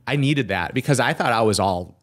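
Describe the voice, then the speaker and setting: Animated male podcast guest telling a story. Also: mid-range voice. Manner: animated, rushes through with restarts. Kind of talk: casual storytelling interview. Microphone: podcast studio mic.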